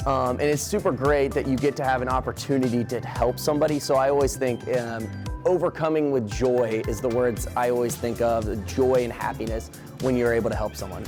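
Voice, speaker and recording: A man's voice: medium pitch, fairly even intonation, brisk, music in the background. A man working for a charity, speaking earnestly and enthusiastically in an interview. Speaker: charity organizer. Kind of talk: interview soundbite.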